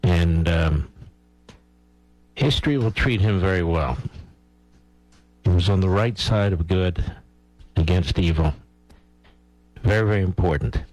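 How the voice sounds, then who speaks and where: A man's voice: sits low, measured pace, pauses often, darkish tone, dry recording, faint music behind, low-quality recording. A man hosting a talk radio show, delivering a blunt, emphatic opinion monologue and cueing his producer.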